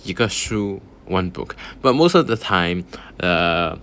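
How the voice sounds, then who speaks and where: A man's voice: sits low, lively intonation, slow, a bit bright, slight background noise. A man teaching a casual online language lesson, patiently repeating words and counting strokes aloud.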